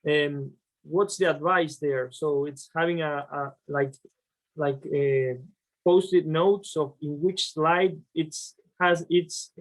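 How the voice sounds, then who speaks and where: Male attendee with a slightly raised pitch, groping for words as he asks. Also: steady tone, slow pace. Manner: hesitant, many fillers. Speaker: workshop participant asking a question.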